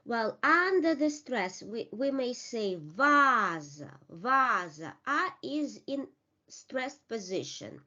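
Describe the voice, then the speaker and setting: A woman language teacher giving a lesson. She explains haltingly with many fillers and carefully repeats example words for practice. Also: high-pitched, animated, fairly bright tone. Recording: dull lo-fi recording.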